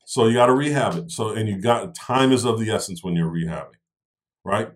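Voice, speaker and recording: A man's voice: on the low side, fairly quick. A man co-hosting a casual discussion, walking through real estate investing step by step and checking in with "right?" and "okay?". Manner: explanatory, tags points with "right?" and "okay?".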